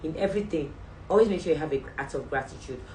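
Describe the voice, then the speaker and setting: A Nigerian woman hosts a faith show and speaks in an earnest, exhorting, chatty way. Her voice sits a little low. She is recorded a step away from the mic in a roomy space with a faint hum behind her. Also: fast talker, darkish tone, recorded from a distance. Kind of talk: livestream sign-off talk.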